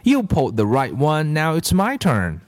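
A man's voice: a little high, wildly swooping pitch, normal speed, dry recording, voice pushed up. A man voicing a sly talking pigtail in a storybook reading, with a whiny, coaxing manner.

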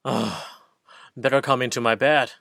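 A woman voicing a gruff, sleepy big mouse who sighs and answers curtly, in a children's radio drama. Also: extremely low pitch, fairly even intonation, normal speed, a bit bright, dry recording, clean studio sound. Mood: giving in. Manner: gruff, sighing and curt. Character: grumpy sleepy big male mouse, older brother.

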